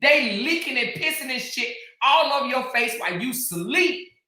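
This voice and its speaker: A woman's voice: high-pitched, expressive. Woman going off on someone, taunting and scolding, voice bouncing around a really echoey room. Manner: taunting, scolding, drawn-out emphatic delivery, bursts of shouting. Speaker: commentary channel host. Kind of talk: heated commentary rant.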